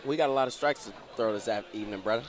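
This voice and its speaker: Hype male bowling co-commentator, noisy alley. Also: fairly low pitch. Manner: hype, quick quips. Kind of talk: live sports commentary. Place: commentary booth at a bowling center.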